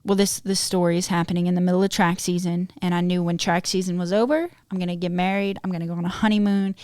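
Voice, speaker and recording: A woman in her twenties hosting a podcast, telling a personal story in a lively, animated way and laughing often. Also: lowish voice, fast, clear, resonant tone, no echo, studio quality. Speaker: podcast host. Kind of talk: casual storytelling chat.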